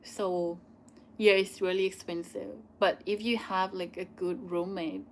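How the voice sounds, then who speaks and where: Slow-talking Thai woman streamer. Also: lowish voice, level tone, a little hiss or hum. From Thailand. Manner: chatty, loose, pauses on "like" and "um". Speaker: channel host answering viewer questions. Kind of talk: live stream Q&A chat.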